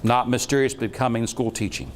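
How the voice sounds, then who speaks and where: A man's voice: mid-range voice, fairly quick, in a large hall, a little hiss or hum. A man giving a lecture with slides on metaphysics, talking in a rambling, jokey and irreverent way.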